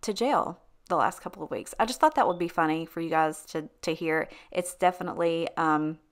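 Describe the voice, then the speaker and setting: A woman's voice: low voice, brisk. A woman vlogger telling a story in a chatty, casual way, often breaking into laughter. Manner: chatty, laughs between lines, animated retelling. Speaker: lifestyle vlogger.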